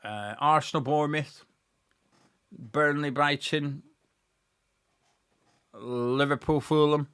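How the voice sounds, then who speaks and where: Excitable football fan commentating live. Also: male voice, on the high side, takes it slowly, long pauses, smooth. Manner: excitable, chatty, reads out viewer messages. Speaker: fan channel host.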